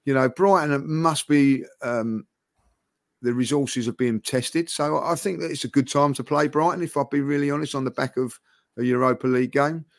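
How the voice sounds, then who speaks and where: This man co-hosts a football podcast, speaking at a moderate pace in a mid-range voice on a dry recording. His casual, animated storytelling is full of stammering restarts.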